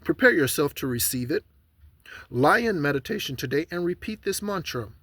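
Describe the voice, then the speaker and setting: A man giving casual spiritual guidance, rambling in asides and slowly repeating mantras three times over. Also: on the high side, expressive, a bit bright, no echo. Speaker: spiritual channeler.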